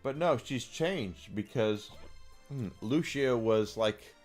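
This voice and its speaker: A man's voice: mid-range voice, lively intonation, slow pace, a little mellow, soft background music. A man streaming a game, chatting with amusement and plenty of filler words. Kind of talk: casual let's-play commentary.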